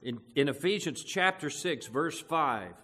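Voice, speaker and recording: A man's voice: on the high side, lively intonation, unhurried, sharp tone. A man preaching a sermon as pastor, talking conversationally and putting questions to the congregation. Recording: long hall reverb.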